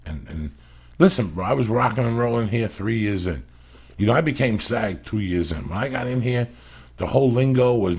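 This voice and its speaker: A man's voice: lowish voice, fairly quick, darkish tone, slightly rough. A middle-aged man hosting a podcast, telling rambling stories in a casual chat, swearing constantly and pressing his points hard. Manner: profane, rambling, emphatic storyteller. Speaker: podcast host.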